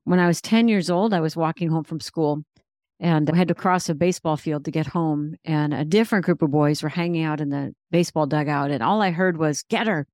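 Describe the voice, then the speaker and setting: A woman's voice: low voice, fairly even intonation, brisk, a little mellow, dry recording. Middle-aged woman, podcast guest, faith testimony, earnest storytelling, dry close sound. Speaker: guest author and speaker.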